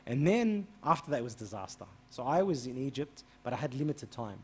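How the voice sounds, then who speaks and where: Animated priest telling a story. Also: male voice, fairly quick, breathy edge. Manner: animated, re-enacts dialogue with rising pitch and volume. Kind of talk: storytelling interview answer.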